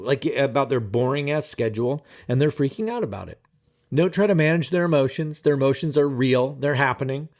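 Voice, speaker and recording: Guy productivity coach vlogging to camera, swears a lot, super animated and kinda high-pitched, talks right at you. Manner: animated, profane, talks straight to viewers. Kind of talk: casual vlog monologue.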